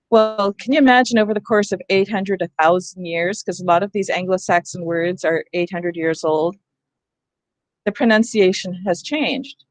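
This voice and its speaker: A woman's voice: mid-range voice, no echo. A woman leading a teacher training session on reading, explaining in a conversational way and often checking in with her listeners. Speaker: literacy trainer.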